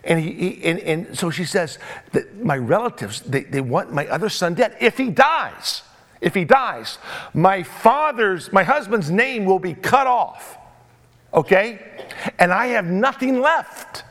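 Male preacher, bright high voice, very lively, emphatic sermon with repeated lines. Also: a little slow. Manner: emphatic, rhetorical questions, repetition.

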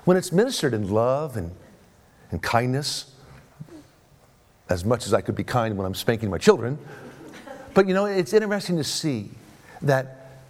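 A man's voice: medium pitch, very animated, normal speed, long pauses, a little mellow. A middle-aged man preaching a sermon as a pastor, repeating phrases for emphasis and often asking the congregation "right?".

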